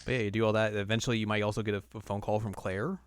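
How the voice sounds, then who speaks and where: A man's voice: lowish voice, flat delivery, rapid-fire, clean tone, no room sound. A man co-hosting a podcast, chatting casually and slipping in wry jokes. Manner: wry, joking asides. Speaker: podcast co-host. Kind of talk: casual chat.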